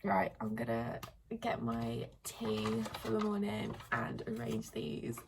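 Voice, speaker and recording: A young woman vlogging casually from her bedroom into a phone camera, often dropping into a soft, half-whispered chat. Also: mid-range voice, sing-song, slow, creaky, very noisy. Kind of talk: casual day-in-the-life vlog chat. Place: bedroom at home.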